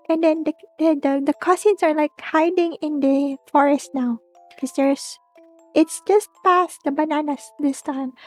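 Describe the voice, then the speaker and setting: A woman's voice: high voice, darkish tone. A woman rambles casually through a spooky story, full of restarts, trailing asides and small giggles. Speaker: streamer.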